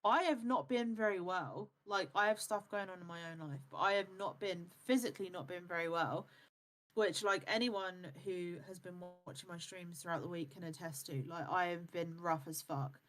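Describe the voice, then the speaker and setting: A woman's voice: fairly low pitch, normal speed, fairly bright tone. A woman co-hosting a live stream in casual chat. She sounds tired and half asleep, and she talks bluntly with a lot of swearing. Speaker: streamer and co-host.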